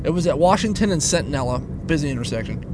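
Brief: high-pitched male podcast host, foul-mouthed rant from his car, low road hum underneath. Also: expressive. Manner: profane, fast-shifting, stumbling restarts. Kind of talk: casual ranting monologue. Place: inside a moving car. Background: engine rumble of the car.

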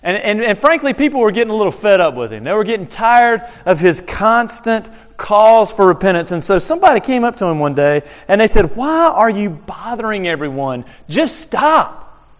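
A man preaching a sermon in a chapel, talking in a casual, animated way with frequent restarts. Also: high-pitched, a little fast, hardly any pauses, big-room sound. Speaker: chaplain preaching. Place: chapel on a military base.

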